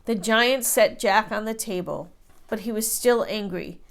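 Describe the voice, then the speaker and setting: In an unhurried, mid-range voice, a woman teacher reads aloud from a children's picture book, telling the story with plenty of expression.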